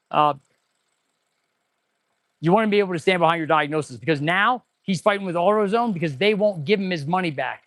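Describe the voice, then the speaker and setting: A man who runs an auto repair shop, chatting casually and excitedly on a livestream while he tests parts, rambling to viewers as he works. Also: high-pitched, a little fast, no echo. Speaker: auto mechanic and shop owner hosting a livestream. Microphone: clip-on mic.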